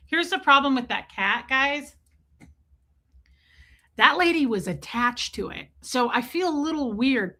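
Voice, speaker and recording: A woman's voice: high voice, animated, a little slow, pauses often, pushed and bright. A woman chatting casually on a live stream, talking with viewers about her pets, swearing freely and sometimes putting on silly voices for her cats.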